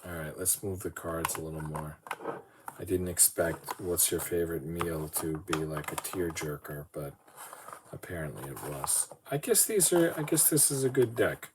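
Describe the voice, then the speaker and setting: A man's voice: low-pitched, normal speed. A podcast host talking casually to himself as he assembles a model, rambling and self-deprecating. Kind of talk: casual solo talk while building a model. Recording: steady background noise.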